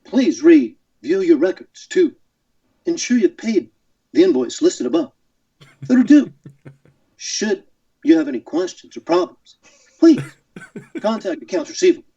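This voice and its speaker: An overdramatic male starship captain who halts mid-phrase for effect, as a man puts him on. His high, swooping voice rises and falls widely. It sounds muffled and far from the mic in a dry room. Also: very animated, measured pace, long pauses, mellow, heavily acted. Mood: dramatic. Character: male starship captain, halting dramatic delivery.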